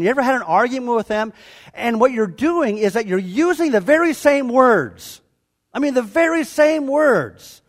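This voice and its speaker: Animated older man preaching, high lively voice. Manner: animated, joking asides to the congregation. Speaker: pastor. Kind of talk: sermon. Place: church before a live congregation.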